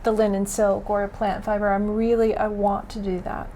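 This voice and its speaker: A woman yarn dyer, a guest in a casual interview, speaking in a measured, thoughtful way. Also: mid-range voice, level tone, dark tone, slight background noise. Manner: measured and thoughtful, slow and careful.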